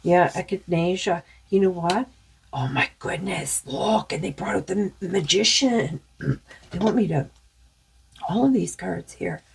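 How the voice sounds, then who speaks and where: A woman's voice: fairly low pitch, a little slow, vocal fry, darkish tone, a little hiss or hum. A woman doing a spiritual tarot card reading in a rambling, musing way with many fillers, saying she is losing her voice.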